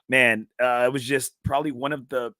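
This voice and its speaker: A man's voice: medium pitch, fairly even intonation, fairly quick, sharp tone, dry recording. A man hosting a golf podcast in casual chat, from South Texas, rambling and laid-back with lots of fillers. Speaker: podcast host.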